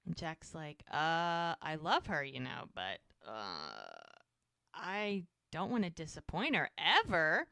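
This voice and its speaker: A woman's voice: sits low, sing-song, slow pace, sharp tone, clean tone, dry recording. A middle-aged woman co-hosting a podcast, casually retelling scenes and acting out the characters' lines. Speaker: podcast co-host. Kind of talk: casual recap chat.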